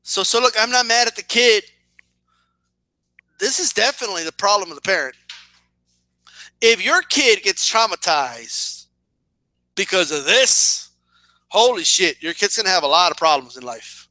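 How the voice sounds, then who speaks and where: Guy in his 30s ranting, kinda high and really bright voice, sarcastic, swears a lot, dry close mic. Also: lively intonation, normal speed, pauses often, no echo. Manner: sarcastic, profane, repeats words when worked up. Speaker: boxing and wrestling commentator. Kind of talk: casual video rant.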